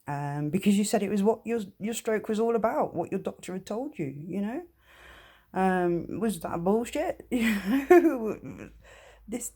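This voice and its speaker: A woman speaking straight to one person in a personal vlog, halting, with many ums and restarts, blunt and swearing freely. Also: deep voice, warm tone. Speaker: vlogger.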